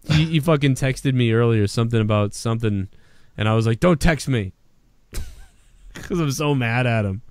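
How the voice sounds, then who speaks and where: A man's voice: medium pitch, big pitch swings, moderate pace, darkish tone, smooth, dry recording. Man, podcast co-host, rambling and profane, laughs often, dry close sound. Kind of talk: casual podcast banter.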